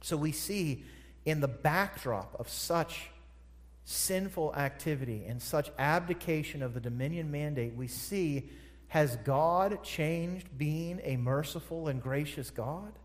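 A man's voice: on the high side, a little slow. A man preaching a sermon, emphatic and repeating phrases for stress. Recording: long hall reverb.

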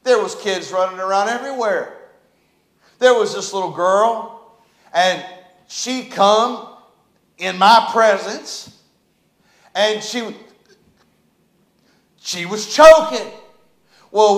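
A man preaching a sermon as pastor, telling stories and acting out scenes with shouts. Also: sits high, takes it slowly, pauses often. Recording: echoey church room.

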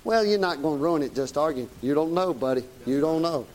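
A man's voice: a little high, lively intonation, a little fast, darkish tone. A middle-aged man, preaching a folksy, plain-spoken, emphatic sermon. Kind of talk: conversational sermon.

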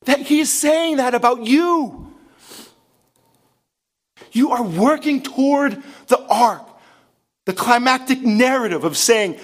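A man preaching a sermon in a church, impassioned and full of rhetorical questions. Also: very high-pitched. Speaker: pastor.

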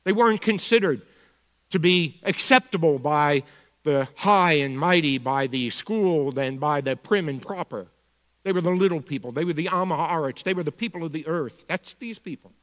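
A pastor with a Bronx accent preaching a sermon, moving between quiet asides and emphatic points. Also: male voice, a little high, moderate pace, in a large hall.

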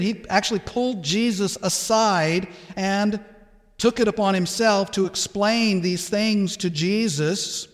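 A man preaching a sermon as pastor, emphatic and expressive, sometimes acting out the words of others. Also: sits high, big-room sound. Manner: emphatic, acts out Peter's protests.

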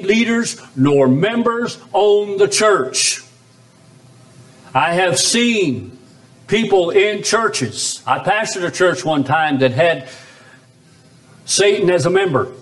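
High-voiced preaching pastor, sweeping emphasis. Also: male voice. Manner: preaching with sweeping pitch swings, drawn-out emphatic phrases. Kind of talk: sermon. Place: church chapel.

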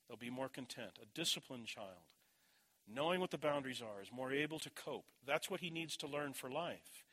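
Bright-voiced man preaching a sermon. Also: medium pitch. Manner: storytelling, shifts from firm to soft and hushed. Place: church.

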